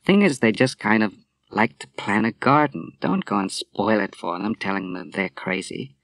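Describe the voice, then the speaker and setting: A quiet, courteous middle-aged naval captain who speaks low and softly, as read by a male narrator. His manner is polite and restrained, in a dry, close recording. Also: expressive, moderate pace, dry recording. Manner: soft-spoken, polite and restrained.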